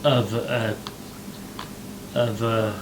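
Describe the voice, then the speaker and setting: A man's voice: on the low side, flat delivery, very slow, background noise. A man co-hosting a casual talk show, ranting heatedly and swearing often. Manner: profane, heated ranting with mocking put-on voices. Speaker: podcast co-host.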